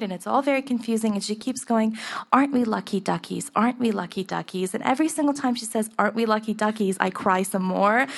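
A young woman telling a personal story in the first person, earnest and emotional, laughing at times. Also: fairly high pitch. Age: young adult.

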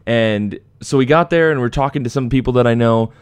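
A man's voice: mid-range voice, fairly quick, clear, resonant tone, no echo. A young man hosting a podcast, telling a story in casual chat and acting out the voices of people he quotes. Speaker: podcast host.

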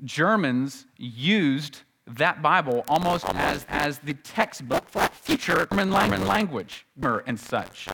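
A man preaching a sermon as pastor, teaching earnestly and slowing down to recite scripture. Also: on the high side, expressive, gravelly, sharp tone, slight background noise.

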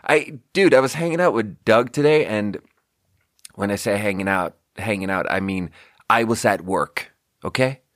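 A man's voice: lowish voice, normal speed, fairly bright tone, no echo, studio quality. A man hosting a podcast, rambling casually, swearing often and laughing at his own jokes. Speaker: podcast host. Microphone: close studio mic.

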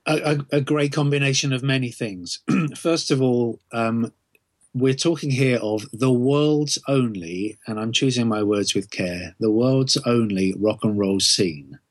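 In a medium-pitched voice recorded with no room sound, a male author answers interview questions as a guest. He's measured and thoughtful, explaining at length while often saying um and restarting his sentences.

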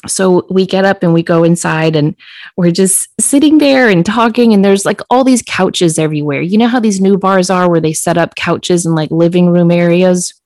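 A woman podcast co-host telling a story in casual chat, acting out quoted lines in a higher voice. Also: moderate pace, a little mellow, no echo.

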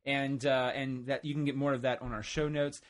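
A man's voice: medium pitch, flat delivery, fairly quick. A man hosting a podcast in casual chat, jokey and rambling, mocking himself as he goes. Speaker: podcast host.

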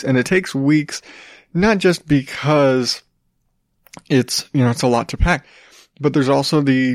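A man's voice: mid-range voice, vocal fry, dry recording, studio quality. A man hosting his own podcast, talking in a rambling, joking way with frequent restarts and casual swearing. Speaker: podcast host. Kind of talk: casual solo podcast talk.

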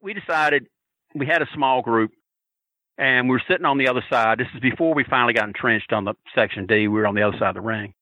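A man telling a story on a podcast, loud and profane, acting out the shouts of the crowd with laughter. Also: mid-range voice, fast talker, phone-quality sound. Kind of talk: animated storytelling.

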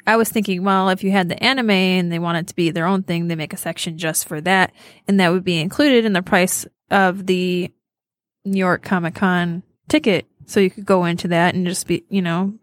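A woman's voice: lowish voice, no room sound, studio quality. A woman in casual podcast chat, rambling and thinking aloud as she talks.

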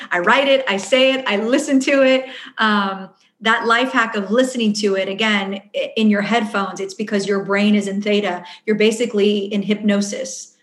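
A woman's voice: fairly high pitch, a bit bright, echoey room. A woman leading a workshop, answering audience questions in a chatty, earnest way and acting out her own inner voice. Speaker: workshop facilitator. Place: event room.

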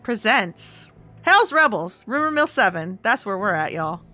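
A woman's voice: mid-range voice, sing-song, a little slow, sharp tone, soft background music. A woman hosting a podcast and recapping episodes in an upbeat, casual way. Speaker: podcast host.

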